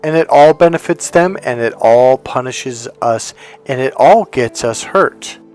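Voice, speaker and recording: A man speaking as a life coach in an emphatic motivational monologue, blunt and forceful, swearing for emphasis and acting out other people's lines in a raised voice. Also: mid-range voice, lively intonation, a little slow, soft background music.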